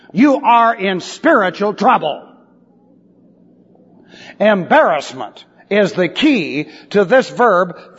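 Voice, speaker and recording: Lively high-voiced preacher in a hall. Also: male voice, slightly rough. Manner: wry, lively, drops to sly asides. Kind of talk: expository sermon. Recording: dull recording in a large reverberant hall.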